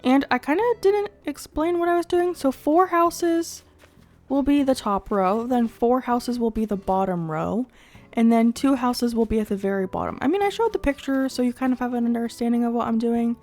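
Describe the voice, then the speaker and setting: A woman's voice: on the high side, animated, normal speed, a little mellow. A young adult woman hosting a gaming channel, chatty and upbeat, thinking aloud while she builds, with a congested voice from a cold. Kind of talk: casual gameplay commentary.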